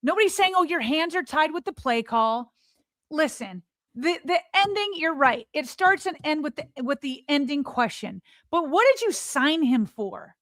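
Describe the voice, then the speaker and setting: Exasperated high-voiced woman arguing sports. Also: lively intonation, fairly bright tone, dry recording, studio quality. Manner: exasperated, emphatic, rapid rhetorical questions. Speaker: podcast co-host. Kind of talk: heated sports podcast argument.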